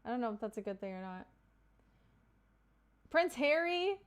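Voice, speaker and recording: Streamer woman from Kentucky, bit higher voice, smooth and clean, loose chatty delivery. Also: very animated. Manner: chatty, loose, with fillers and quick asides. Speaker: live streamer. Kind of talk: casual chat reading viewer comments.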